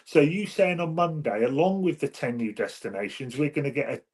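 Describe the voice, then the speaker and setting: Male panelist, husky higher voice, laughs a lot. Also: fairly quick. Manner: giggly, mock-excited. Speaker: podcast panelist. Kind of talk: casual banter.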